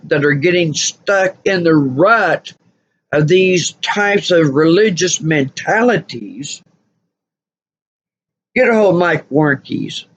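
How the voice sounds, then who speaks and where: A woman's voice: lowish voice, muffled recording, a little hiss or hum. A woman vlogger telling a story casually, rambling and full of "you know" fillers.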